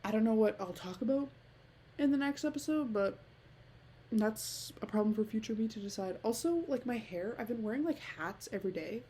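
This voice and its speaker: A woman's voice: fairly high pitch, expressive, a little fast, dark tone, slight background noise. Giggly teen girl rambling on a podcast. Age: late teens. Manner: rambling, heavy use of "like", giggly. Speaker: podcast host. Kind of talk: casual solo podcast chat.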